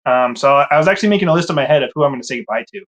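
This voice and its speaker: Man, casual storyteller, slightly high voice, animated and expressive when voicing his own past thoughts. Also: rapid-fire, lo-fi sound. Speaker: guest telling his story.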